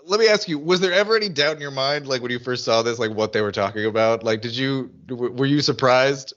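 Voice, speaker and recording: A man co-hosting a podcast in casual chat, animated and often mimicking characters in high excited voices. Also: fast, lo-fi sound. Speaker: podcast co-host.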